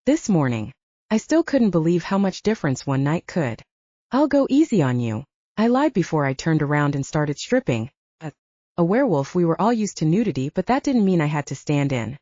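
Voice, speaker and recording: A woman narrates an audiobook in a low, mellow voice whose pitch moves a great deal as she tells the story. The sound is dry and close, with a slightly dull, lo-fi quality. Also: big pitch swings, brisk, no echo. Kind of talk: first-person audiobook narration.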